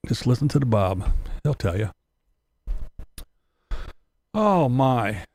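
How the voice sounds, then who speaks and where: A man's voice: medium pitch, very animated, slow, darkish tone. A man hosting a casual livestream, reading comments aloud and ranting bluntly with profanity and chuckles. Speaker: livestream host.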